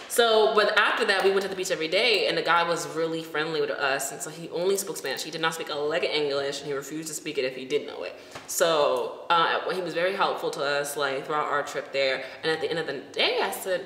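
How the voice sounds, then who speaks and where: A young woman in her twenties, telling a travel story in a casual vlog and acting out the quotes in a lively way. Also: brisk. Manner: animated storyteller, acts out quotes in a high voice. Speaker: vlogger. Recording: echoey room with faint noise.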